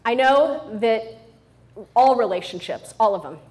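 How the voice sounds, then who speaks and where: A woman's voice: on the high side, animated, measured pace, darkish tone. Playful, joking middle-aged woman speaker. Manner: playful and joking, with frequent "right?" asides to the audience. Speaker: motivational speaker. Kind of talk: humorous motivational talk to a live audience.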